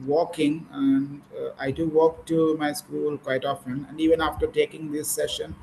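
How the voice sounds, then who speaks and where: A man's voice: on the high side, level tone, normal speed, vocal fry, darkish tone, slight background noise, low-quality recording. A man with an Indian English accent, leading an online speaking practice for teachers, asking patient questions and correcting pronunciation.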